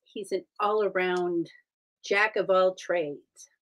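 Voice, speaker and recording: A woman's voice: fairly low pitch, steady tone, slow, a bit bright. A woman hosting a casual live stream, chatting with viewers and greeting them by name while she builds. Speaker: live-stream host building brick sets.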